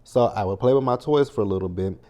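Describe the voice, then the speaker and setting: A man talks through a show recap in a casual, rambling vlog style. His voice sits low and mellow, and he keeps turning to the viewers to address them directly. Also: quick pace. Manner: chatty, repeats "you guys" a lot; tells personal stories with many restarts. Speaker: TV recap host.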